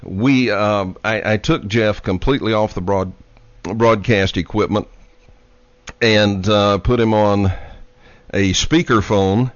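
A man hosting a live radio talk show from a studio, talking in an unhurried, halting way with many fillers. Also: fairly low pitch, steady tone, no room sound. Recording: dry, dull lo-fi radio studio sound.

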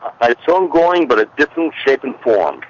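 A man appears as a guest on an interview show, giving a long, emphatic conversational explanation and repeating his warnings. His mid-range voice is very animated at a moderate pace, and the dull lo-fi recording has slight background noise.

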